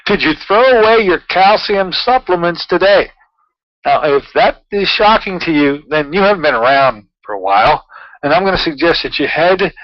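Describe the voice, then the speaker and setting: A man's voice: on the high side, no echo, muffled recording. A man hosting his own talk show, chatting loosely through news items with many fillers and asides. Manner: chatty, rambling, with frequent fillers. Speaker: radio show host. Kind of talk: casual talk-show monologue.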